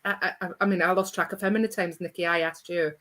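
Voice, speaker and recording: A woman's voice: on the low side, steady tone, fast, a bit bright. A Scottish woman from a festival team in a casual chat, hesitant and repeating her words. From Scotland.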